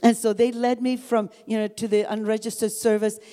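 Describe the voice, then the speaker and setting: An older woman giving an earnest spoken testimony, halting often with filler words. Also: a little high, flat delivery, dark tone. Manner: earnest, halting, with frequent "you know" fillers. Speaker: guest speaker giving testimony. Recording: long reverb, as in a large hall.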